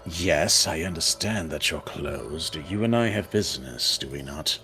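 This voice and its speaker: A man's voice: a bass voice, expressive, measured pace, sharp tone, soft background music, full character voice. A man voicing a curt, menacing male gnome with a cold, dismissive way of talking in a tabletop game.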